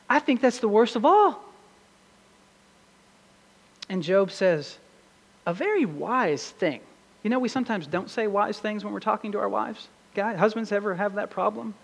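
Male pastor, high-pitched, emphatic sermon delivery, church sanctuary echo. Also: animated, normal speed. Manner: earnest, preaching with emphatic swells. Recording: long hall reverb.

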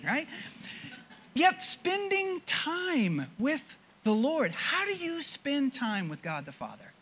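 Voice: high-pitched, slow pace. Preacher in a church, sermon delivery, voice that rises and falls a lot, stumbles and restarts words, keeps asking the room questions. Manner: animated, stammering restarts, rhetorical questions to the congregation. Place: church before a congregation.

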